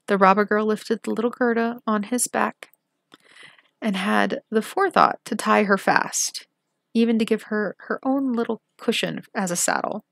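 Gravelly-voiced woman reading a fairy tale. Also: mid-range voice, no echo, studio quality. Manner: measured, expressive. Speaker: storybook reader.

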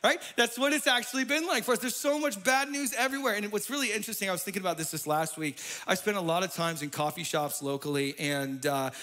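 High, bright-voiced animated pastor. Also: male voice, fast talker. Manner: animated, swings from soft asides to loud exclamations. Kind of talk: energetic sermon. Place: church.

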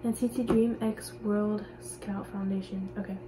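A teenage girl reacting to a new song, gushing and excitable and breaking into squeals. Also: medium pitch, a little slow, background noise. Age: late teens. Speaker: vlogger. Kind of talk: music reaction commentary. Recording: song playing clearly behind the voice. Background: pop music.

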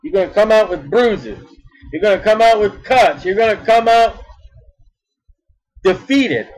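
A man preaching a sermon in an emphatic style, repeating words and swinging between loud bursts and soft asides. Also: high-pitched, lively intonation, a little slow, poor audio.

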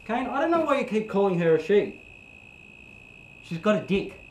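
A woman's voice: medium pitch, sing-song, moderate pace, darkish tone, roomy sound, a little hiss or hum, close to an everyday voice, rough recording. A woman playing a dim, easygoing male Australian bogan sidekick who rambles and gossips in a comedy film. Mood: chatty.

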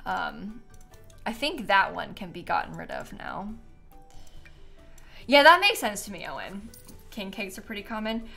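A woman's voice: medium pitch, sing-song, unhurried, vocal fry, long pauses, sharp tone, faint music behind. A young woman from Florida, a streamer chatting casually while she plays, rambling and laughing often. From Florida, USA. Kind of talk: casual chat while playing a game.

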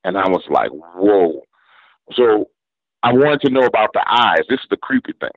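A man's voice: on the low side, very animated, a little fast, dry recording. A man from New Orleans with a New Orleans accent, a guest telling a story on a radio show in a casual, slangy way, acting out both sides of a conversation. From New Orleans, Louisiana. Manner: retells story with quoted back-and-forth dialogue, drawling casual slang. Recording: dull lo-fi radio audio.

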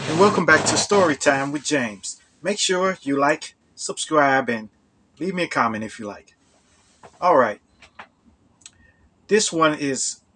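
A man from Chicago hosting his own channel, telling a true story casually in a rambling way with many halting restarts and "you know"s. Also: on the high side, sharp tone, slightly rough.

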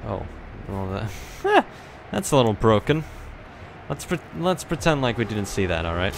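On a noisy stream, a young man plays a shooter for the first time, chatting casually as he goes. His voice is on the low side, sing-song, moderately paced, and touched with vocal fry. He jumps and yelps at scares, swears often, pokes fun at himself, and talks to the enemies.

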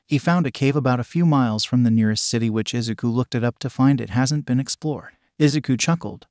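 Man reading fanfic in a flat voice. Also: medium pitch, fairly quick, hardly any pauses, no echo, studio quality. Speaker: fanfic reader. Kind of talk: scripted narration.

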